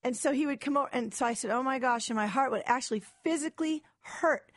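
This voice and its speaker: A young adult woman tells her own story on a talk show, lively and animated, slipping into the voices of the people she quotes. Her voice sits a little high. The sound is close and dry, with no room around it. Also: quick pace, dry recording. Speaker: guest. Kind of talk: personal testimony in a talk-show interview.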